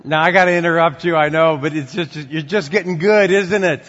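A male pastor preaching a sermon, swinging from loud animated passages to quiet conversational asides. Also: fairly high pitch, fairly quick, long reverb tail, lo-fi sound. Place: church sanctuary.

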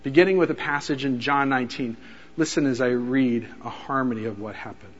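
A man preaching a sermon, telling the story with animated delivery and acting out quoted lines with rising intensity. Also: mid-range voice, fairly quick, in a large hall, highs cut off.

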